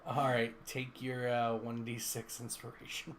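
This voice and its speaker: A man's voice: medium pitch, flat delivery, measured pace, a bit bright, slight background noise. A man narrating as game master in a tabletop game, talking casually and rambling, often breaking into laughter.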